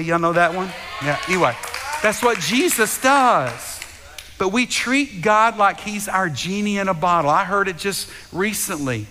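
Speaking a little slowly and in an animated way, a high, bright-voiced pastor preaches to his flock, repeating himself fervently, often doubling words and addressing his listeners directly. A long reverb fills the large hall, with slight background noise.

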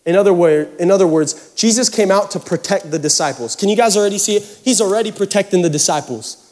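A man's voice: sits high, lively intonation, fast talker, darkish tone. A man preaching a sermon, casual and joking as he talks straight to the congregation. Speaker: pastor.

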